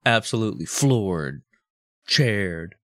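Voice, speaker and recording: A man's voice: lowish voice, animated, slow pace, no room sound, clean studio sound. A man co-hosting a comedy history podcast, tossing in wisecracks and riffing on jokes. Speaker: podcast co-host. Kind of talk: casual comedic banter.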